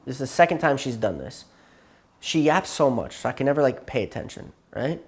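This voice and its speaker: A man's voice: mid-range voice, animated, a little fast. A man telling a long story to his therapist, rambling and repeating himself, tired and burnt out. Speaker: client in therapy session.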